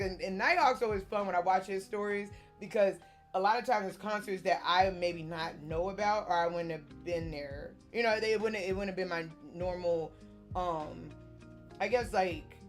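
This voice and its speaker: Animated young woman chatting casually. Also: medium pitch, a little fast, faint music behind. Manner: animated, rambling, slangy and profane. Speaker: vlogger. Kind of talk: casual chat.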